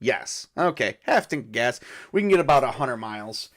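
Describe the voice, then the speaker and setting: A man narrating a solo tabletop game, rolling dice and thinking aloud in a halting way with many fillers. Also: medium pitch, animated, fairly bright tone. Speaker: game master.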